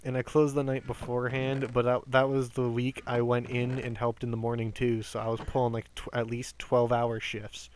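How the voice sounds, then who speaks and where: A man in his twenties telling rambling work stories on a game stream, animated, swearing often and stumbling over restarts. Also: mid-range voice, normal speed, hardly any pauses, a little hiss or hum. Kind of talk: casual storytelling while gaming.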